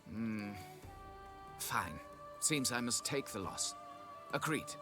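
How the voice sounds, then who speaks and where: A pompous, lively-voiced nobleman. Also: medium pitch, slow pace, music in the background. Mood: aloof. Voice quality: pompous, condescending. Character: pompous haughty middle-aged male vineyard nobleman. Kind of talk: video game dialogue.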